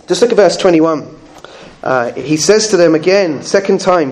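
A man preaching a sermon at a church service, earnest and conversational, with slow emphatic phrases and touches of humour. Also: high-pitched, lively intonation, a little mellow.

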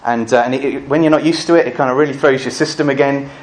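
A man preaching a sermon, full of rhetorical questions and swinging between loud emphasis and hushed asides. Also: mid-range voice, fairly even intonation, quick pace. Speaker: pastor.

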